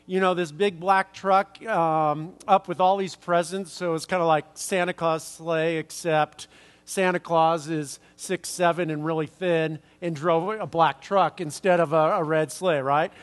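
A man's voice: fairly high pitch, steady tone, unhurried. A man preaching a sermon, rambling through a story with many fillers and restarts. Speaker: pastor. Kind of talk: sermon with anecdote.

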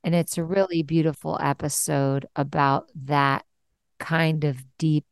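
A woman's voice: sits low, fairly even intonation, a little slow, smooth, no echo, studio quality. A woman hosting a podcast interview, chatting casually in an effusive, affirming way. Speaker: podcast host.

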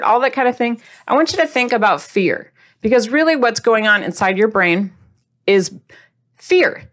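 Playful chatty woman host. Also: mid-range voice. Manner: playful, chatty, speaks straight to the viewer. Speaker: host of a diet video series. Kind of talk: casual motivational talk to viewers.

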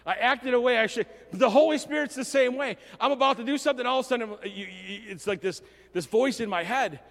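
Pastor guy preaching, kinda high voice, gets emotional, stumbles and restarts, long echo off the church hall. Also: brisk, creaky, hardly any pauses, fairly bright tone. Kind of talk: sermon.

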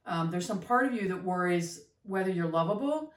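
A woman's voice: fairly low pitch, animated, moderate pace. A middle-aged woman co-hosting a podcast, explaining in a reflective, teacherly way with hesitant fillers. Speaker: podcast co-host. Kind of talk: casual conversation. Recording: roomy sound from a distance.

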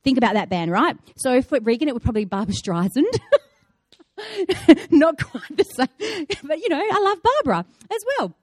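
A woman's voice: high-pitched, sing-song, moderate pace, darkish tone, no echo. A woman giving a conversational sermon, chatty and playful, telling stories with acted-out asides. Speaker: preacher.

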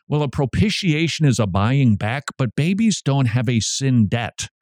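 A man hosting a call-in radio show, answering a caller's question in an emphatic, quick, jokey way. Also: mid-range voice, darkish tone, dry recording, clean studio sound.

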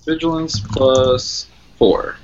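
A man playing a tabletop game, deliberate and pragmatic. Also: medium pitch, steady tone, a little mellow, slight background noise. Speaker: player. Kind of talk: casual tabletop game play. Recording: dull lo-fi podcast audio.

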